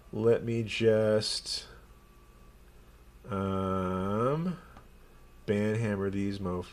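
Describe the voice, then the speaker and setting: A man from Texas with a Texan accent, a rabbi chatting casually and rambling on a live stream. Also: on the low side. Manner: rambling, chatty, self-deprecating.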